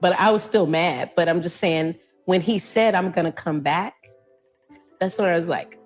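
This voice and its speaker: A woman's voice: lowish voice, moderate pace, faint music behind. A woman telling a personal relationship story in an earnest, heartfelt and tearful manner.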